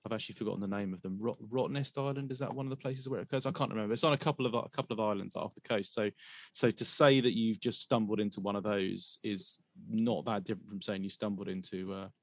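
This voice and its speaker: A man's voice: on the low side, fairly even intonation, fast talker, no room sound. A man hosting a podcast in a casual, rambling way, trailing into hesitations and breaking into laughter. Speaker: podcast host.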